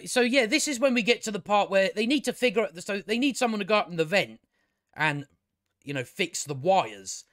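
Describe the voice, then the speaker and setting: A fairly high-voiced man ranting casually about something that irritates him, sarcastic and exasperated, with plenty of swearing and false starts. The sound is dry and close, with no room echo. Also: fairly bright tone. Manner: exasperated, sarcastic, swears a lot, many restarts. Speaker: video reviewer. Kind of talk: casual rambling review.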